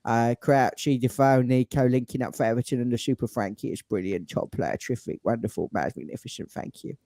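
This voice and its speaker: A man's voice: medium pitch, a little fast, mellow, no echo, clean studio sound, lightly acted. A man doing an impression of an older football manager, rambling and heaping on stock praise. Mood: chummy.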